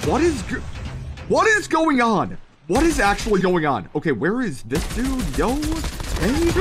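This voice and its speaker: A man giving excitable, jokey live commentary on a shooter game, with sudden yelps. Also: sits high, unhurried, noisy background. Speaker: gaming streamer. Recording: game gunfire loud behind voice. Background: gunshots and game sound effects.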